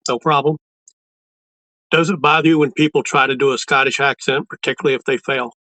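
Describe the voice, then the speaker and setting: Bright-voiced easygoing male interviewer. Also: mid-range voice, steady tone, a little fast, no room sound, rough recording. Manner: easygoing, hesitant with fillers. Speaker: interview host. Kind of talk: reading viewer questions in a casual interview.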